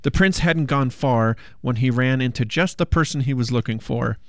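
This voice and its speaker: A storyteller reading a funny fairy-tale picture book aloud in a playful, expressive way. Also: mid-range voice, normal speed, dry recording, studio quality.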